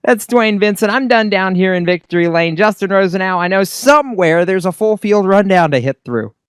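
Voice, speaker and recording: A chatty man works victory lane on an online racing broadcast and asks long, friendly questions. His voice is smooth and clear, recorded close and dry. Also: sits high, lively intonation, normal speed, no echo. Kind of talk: sim racing broadcast interview.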